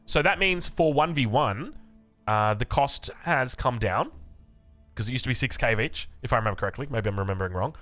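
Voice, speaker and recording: A man's voice: medium pitch, lively intonation, fairly quick, a bit bright, faint music behind. An Australian man giving casual, joking commentary on game patch notes, chatty with frequent restarts and asides. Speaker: gaming content creator.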